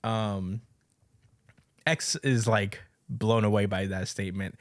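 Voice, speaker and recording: A man's voice: fairly low pitch, fairly even intonation, takes it slowly, no room sound, clean studio sound. A man co-hosting a podcast, casually recapping a manga chapter with lots of fillers and quoted lines. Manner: conversational, many fillers, reads out character lines.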